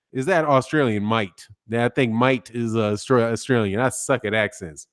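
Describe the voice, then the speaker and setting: A boxing YouTube host runs a casual live stream, greeting viewers by name in a laid-back way and ending most lines with "man." His voice is medium-pitched, at a normal speed with few pauses, as he shouts out names and says "man" constantly.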